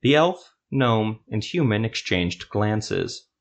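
A man narrates a fantasy story in a steady, low voice. He reads at an even storytelling pace. The delivery is scripted and unhurried. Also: creaky.

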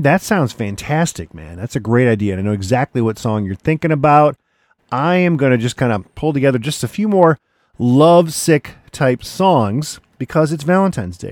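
A man's voice: medium pitch, darkish tone, no room sound. A man hosting a radio show, chatting in a laid-back way and often calling listeners "man". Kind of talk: casual radio DJ chat.

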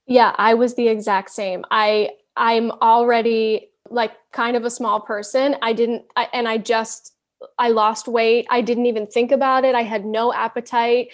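A woman guest in a podcast interview, speaking in an earnest, candid way with halting restarts. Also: on the high side, flat delivery. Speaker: interview guest, wellness counselor. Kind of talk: casual interview chat.

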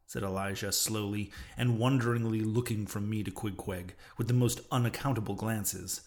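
Man reading a classic novel aloud. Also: fairly even intonation. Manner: measured, dropping low on speech tags. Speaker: audiobook narrator. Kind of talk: scripted narration of a classic novel.

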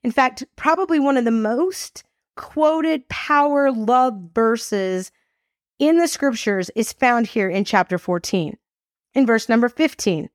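A woman with a somewhat high voice hosts a faith podcast and tells stories in a lively, chatty way. Her recording is dry and close, with no room sound. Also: takes it slowly, no echo. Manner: lively, expressive storyteller, casual and chatty. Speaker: podcast host. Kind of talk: faith-based storytelling talk.

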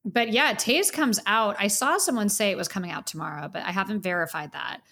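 A woman's voice: medium pitch, fairly quick, pushed and bright. A woman co-hosting a podcast, chatting casually in a bubbly, rambling way and laughing often. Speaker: podcast co-host. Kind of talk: casual chat. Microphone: video call.

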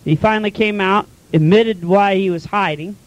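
Folksy man, preacher, high voice, dry close sound, casual scripture retelling. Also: normal speed, dry recording, poor audio. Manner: colloquial, paraphrases scripture in plain talk. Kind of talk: folksy sermon.

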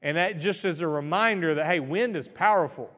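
Pastor, male, 30s, high voice, chatty animated preaching, reverberant sanctuary sound. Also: a little fast. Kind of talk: sermon. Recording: reverberant hall.

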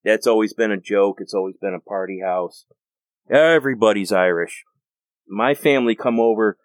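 Earnest low-voiced American man. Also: normal speed, no room sound. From United States. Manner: earnest, rambling with restarts. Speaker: host. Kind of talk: casual monologue.

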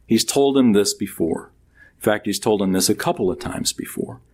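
A man's voice: lowish voice, normal speed, darkish tone. A middle-aged male pastor preaching a sermon, conversational at first and then building to emphatic peaks.

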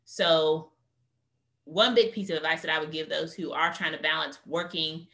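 A woman with a low-pitched but bright, forceful voice, talking as a guest in a podcast interview. She tells her stories with animation and acts out the lines of people in them. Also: moderate pace. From United States. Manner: animated storyteller, acts out quotes. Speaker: guest, career coach. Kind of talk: conversational interview.

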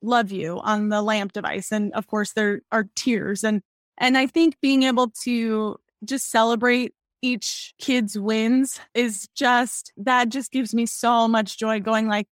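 A young woman, a pediatric speech-language pathologist, telling stories in a podcast interview in a chatty, animated way, laughing often. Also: on the high side, slow pace, clear, resonant tone, no room sound, clean studio sound.

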